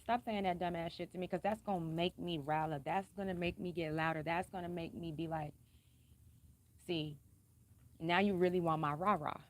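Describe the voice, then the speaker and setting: A blunt woman talks straight to her audience, cussing freely and hammering her points home with repetition. Her voice sits a little low for a woman, and she keeps it calm and level even when she is being pointed. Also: moderate pace. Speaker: vlogger. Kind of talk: casual personal talk to camera.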